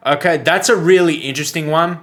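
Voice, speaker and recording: A man's voice: fairly high pitch, a little fast, soft background music. An Australian man hosting a reaction video, chatting casually and restarting his thoughts as he goes. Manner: rambling, restarts mid-thought.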